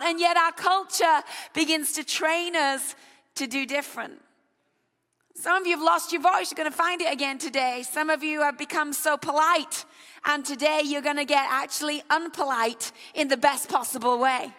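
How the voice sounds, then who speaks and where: A woman preacher delivering an impassioned sermon that builds to shouts, in a church hall. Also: high-pitched, steady tone, normal speed. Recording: long reverb of a large hall.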